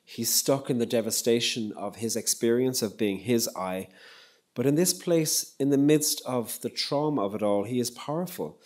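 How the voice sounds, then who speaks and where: A man giving a public lecture on poetry and prayer, in a measured, reflective way with frequent pauses. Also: medium pitch, darkish tone. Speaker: lecturer and poet. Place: lecture hall.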